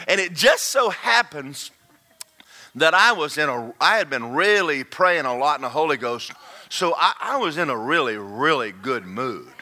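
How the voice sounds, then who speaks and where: An older man preaching, telling a folksy story with laughter and rising to shouts. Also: mid-range voice, big pitch swings, moderate pace. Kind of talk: sermon storytelling.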